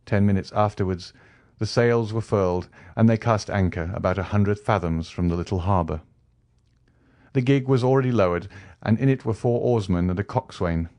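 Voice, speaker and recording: A man's voice: lowish voice, no echo. Man reading a classic novel aloud. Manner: measured, even storytelling. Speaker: audiobook narrator. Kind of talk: scripted narration.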